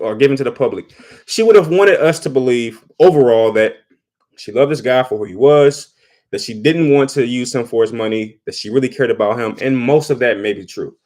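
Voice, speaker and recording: Brief: a man of medium pitch, chatty vlogger commentary, loose restarts. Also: a little mellow. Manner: conversational, repeats words while thinking. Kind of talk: casual commentary.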